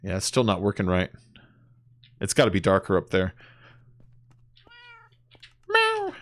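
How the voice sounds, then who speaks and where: A man's voice: low-pitched, fairly even intonation, fairly quick. A young man streaming a game, chatting casually and rambling, with some swearing and counting aloud as he plays. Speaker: gaming streamer. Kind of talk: casual gameplay chat.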